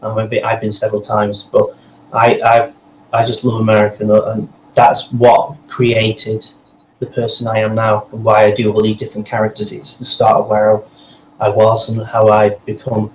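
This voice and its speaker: A man's voice: on the low side, completely flat delivery, normal speed, a little mellow. Chatty man in an echoey room. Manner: chatty, rambling, frequent restarts and laughs. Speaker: voice actor guest. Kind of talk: casual interview chat. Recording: echoey room with faint noise.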